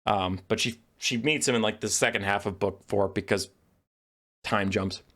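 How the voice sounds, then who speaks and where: A man giving an animated, profane and sarcastic lore rant as a video creator. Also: lowish voice, moderate pace.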